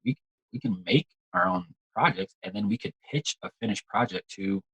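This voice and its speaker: Low husky guy talking loose and slangy, keeps repeating himself, guest on a chat show. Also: expressive, normal speed, fairly bright tone, low-quality recording. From United States. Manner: laid-back, slangy, repeats words as he goes. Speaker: actor, interview guest. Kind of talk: casual conversation.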